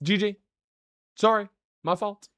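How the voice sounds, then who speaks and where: A young British man chatting casually on a live stream, joking and sarcastic, with quick swings in energy. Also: high-pitched, a bit bright, smooth, no room sound. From Britain. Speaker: streamer and analyst.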